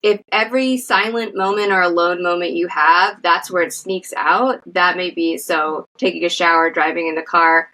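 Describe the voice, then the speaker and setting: A woman therapist speaks in a slightly low voice, unhurried and reflective. She talks in a casual conversational way, often pausing on fillers as she works through her thoughts. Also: steady tone, pushed and bright, poor audio. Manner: thoughtful, uses many fillers. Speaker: therapist guest.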